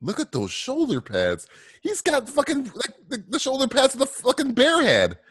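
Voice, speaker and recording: Husky, animated man cracking jokes. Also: very high-pitched, no room sound, studio quality. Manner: joking, quick to laugh, mocking. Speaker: podcast co-host. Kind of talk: casual movie commentary.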